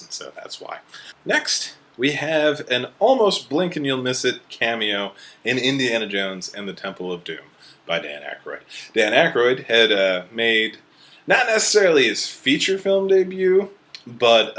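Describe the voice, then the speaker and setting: A young man hosting a casual movie commentary video, rambling through asides and jumping to high, excited exclamations. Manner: animated, jumps to high excited exclamations, self-interrupting asides. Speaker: host of a movie commentary series.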